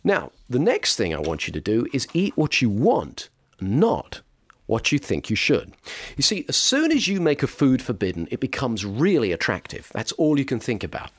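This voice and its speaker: A man's voice: medium pitch, huge pitch swings, moderate pace, no room sound. A man coaching on weight loss, talking in a direct, emphatic way. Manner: emphatic, direct, with mocking impressions of others. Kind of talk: motivational instruction to camera.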